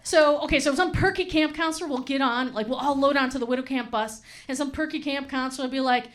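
A woman's voice: high voice, fast talker. A woman doing a stand-up comedy set, chatty and laughing, with lots of "like" and "right?".

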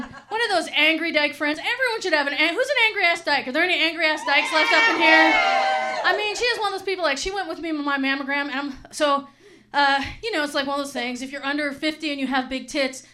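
A woman's voice: sits high, heavy background noise. A middle-aged woman doing stand-up comedy, telling stories in a frank, profane, rambling way.

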